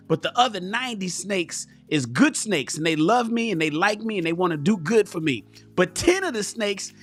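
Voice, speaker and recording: A man's voice: sits high, fairly bright tone, slightly rough, exaggerated voice. A man doing an impression of a famous male boxer being interviewed, speaking earnestly and posing a question.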